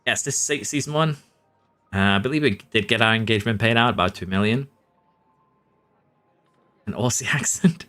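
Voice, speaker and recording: A man's voice: mid-range voice, normal speed, long pauses, sharp tone, faint music behind. A Norwegian man, a streamer, chatting casually with his live audience while playing, answering chat and chuckling often. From Norway.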